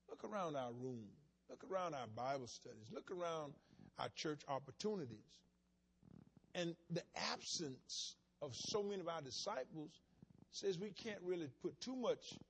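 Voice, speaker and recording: A man in the pulpit with a fairly high, husky voice, preaching a sermon. He drops into soft, chatty asides, then climbs to loud, shouted emphasis. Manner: preaching with sudden shouted rises and quiet asides. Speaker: pastor.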